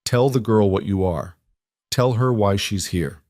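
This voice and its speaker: A man voicing a ruthless older mob father, cold, quiet and commanding. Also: fairly low pitch, unhurried, no echo, studio quality, lightly acted.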